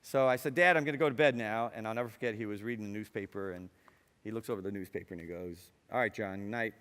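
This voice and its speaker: A middle-aged man from Ohio telling a personal story to an audience, wry, moving between quiet reflection and lively, amused telling. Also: on the low side, quick pace, clean tone. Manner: wry, swings from hushed to lively. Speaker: speaker. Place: university hall. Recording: hall with long reverb.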